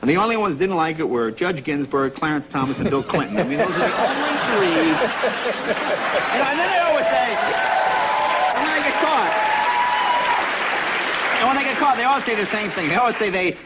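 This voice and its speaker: Comic man with a high, lively voice, trades character voices on a noisy talk show set with an audience laughing. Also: fairly quick, long pauses, a loud crowd. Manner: animated storyteller, acts out both sides of conversations. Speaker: comedian guest. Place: TV studio with live audience. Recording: audience laughter and noise behind.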